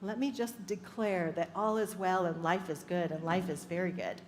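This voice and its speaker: A woman's voice: on the low side, fairly even intonation, moderate pace. A woman minister giving an upbeat sermon, telling stories and laughing often. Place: church sanctuary. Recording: echoey hall with faint ambience.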